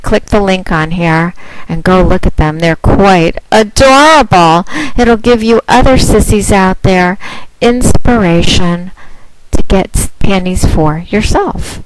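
A woman speaking in a slow, teasing and commanding way in a recorded promotional monologue. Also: mid-range voice, a little hiss or hum, rough recording. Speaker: phone-sex operator.

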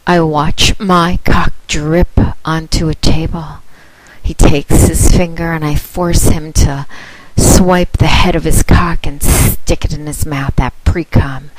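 A woman with a notably low voice speaks slowly and deliberately, giving a commanding, taunting monologue as a dominatrix addressing a listener. The sound is close and dry, with no room around it. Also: fairly even intonation, no room sound, rough recording.

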